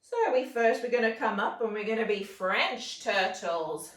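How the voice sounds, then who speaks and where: A woman's voice: mid-range voice, normal speed. A woman teaching a children's yoga class, coaxing and playful, telling a little story as she guides the poses. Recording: roomy echo, mic set far off.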